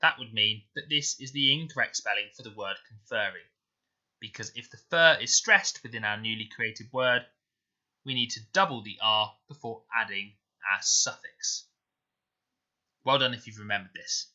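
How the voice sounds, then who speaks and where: Man for a recorded spelling lesson; sharp, bright tone, sounds out each word slowly. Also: on the low side. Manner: slow, clear, sounding out words deliberately. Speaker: primary school teacher. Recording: dull lo-fi home recording.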